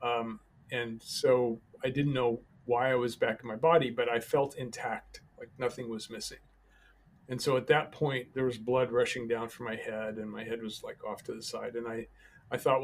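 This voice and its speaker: A man, a podcast guest, telling a personal story in a calm, halting way with many pauses and restarts. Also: medium pitch.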